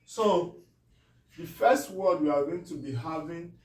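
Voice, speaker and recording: Male teacher with a Nigerian English accent, slightly high, mellow, patient syllable drills, distant echoey room. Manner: checks in often, asking if it is clear; drawn-out syllable-by-syllable pronunciation. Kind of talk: spelling lesson.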